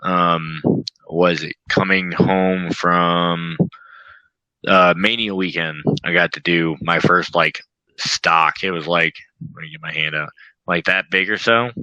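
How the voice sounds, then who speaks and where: Bright-voiced man in casual chat. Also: deep voice, steady tone, takes it slowly, smooth, dry recording, dull audio. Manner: laughs often, acts out his own reactions. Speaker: podcast guest.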